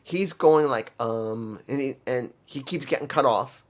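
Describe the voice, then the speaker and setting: A man's voice: mid-range voice, a little slow. A man casually reviewing a wrestling show, rambling and circling back to correct himself.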